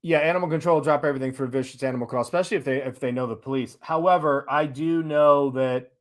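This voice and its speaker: A man's voice: medium pitch, fast talker. A man hosting a live stream in casual chat, reading viewer comments aloud in a loose, sarcastic way and laughing along.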